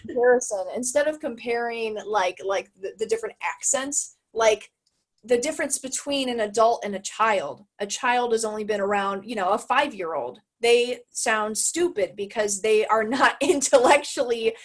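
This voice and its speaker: A young American woman talking on a video call, thinking aloud and hunting for the right words. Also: on the high side. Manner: searching for words, halting and thoughtful. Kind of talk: casual video call chat.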